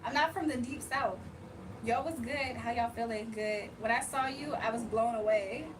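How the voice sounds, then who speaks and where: High-pitched woman from virginia chatting on her stream, a bit far from the mic, faint background hum. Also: moderate pace. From Virginia, USA. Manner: chatty, laughs often, reads chat aloud. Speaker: livestream host. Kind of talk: casual livestream chat reading comments.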